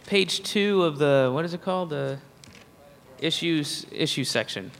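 A male stand-up comedian ranting in an incredulous, mocking, profane way, shouting at the peaks, live at a comedy venue. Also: on the high side, unhurried, creaky. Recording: live in a reverberant hall with audience.

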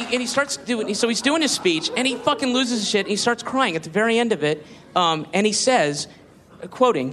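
A man's voice: high-pitched, expressive, brisk. A man telling a rambling, profane stand-up story to an audience, full of fillers. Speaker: stand-up comedian. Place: comedy stage before an audience. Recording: live club, loud crowd and noise.

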